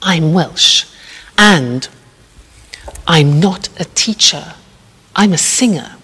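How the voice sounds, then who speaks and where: Slow-speaking woman teaching English. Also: low voice, expressive, fairly bright tone, breathy edge, big-room sound. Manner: slow, carefully enunciated teaching. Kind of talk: language lesson.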